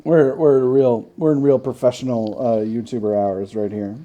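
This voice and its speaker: A man's voice: medium pitch, little pitch movement, normal speed, mellow, muffled recording. A man hosting a gaming channel, chatting through a strategy game, thinking aloud with wry self-mocking asides.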